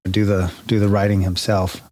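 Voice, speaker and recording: A man with a fairly low voice thinks aloud in a casual podcast chat. He wanders through his points and corrects himself as he goes. The sound is dry and close to the mic. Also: level tone, moderate pace, darkish tone, no echo. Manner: thoughtful, rambling, self-correcting. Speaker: podcast co-host.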